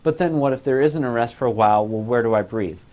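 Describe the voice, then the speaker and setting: Guy teaching voice class, mid-pitched voice, explains stuff then sings little bits. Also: fast talker, a little mellow. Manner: explains clearly, sings short demonstration phrases. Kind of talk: recorded music lesson.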